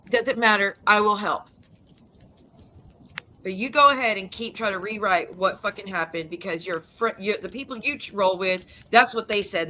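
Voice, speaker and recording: A woman on YouTube vents angrily to her viewers, cursing and chopping her sentences short with quick restarts and self-interruptions. Her mid-range voice is pushed and bright, and there's a little hiss or hum in the audio.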